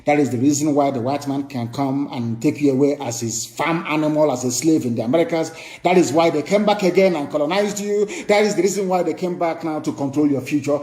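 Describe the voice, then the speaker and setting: A man's voice: on the high side, fairly quick, few pauses, a little mellow, roomy sound. A man with a Nigerian accent giving a live political broadcast, scornful and impassioned, repeating phrases for emphasis. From southeastern Nigeria. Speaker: broadcaster addressing followers.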